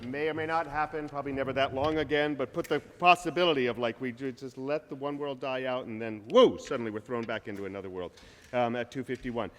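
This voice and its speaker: A man's voice: medium pitch, quick pace. A man leading an orchestra rehearsal, giving directions and singing phrases with nonsense syllables. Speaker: orchestra conductor. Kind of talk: rehearsal instruction. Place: large concert rehearsal hall. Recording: reverberant hall with orchestra playing. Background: orchestra playing.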